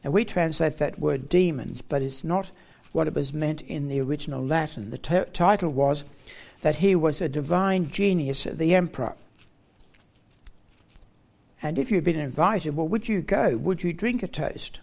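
A man's voice: fairly high pitch, moderate pace, creaky, a little mellow. A man preaching a Bible teaching sermon in an expository manner, stressing key words with emphatic rising tones.

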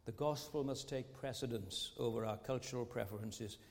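Earnest preacher in an echoing church. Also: male voice, medium pitch, normal speed. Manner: earnest, with frequent rhetorical tag questions. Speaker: pastor. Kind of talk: sermon. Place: large church sanctuary. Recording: long church hall reverb.

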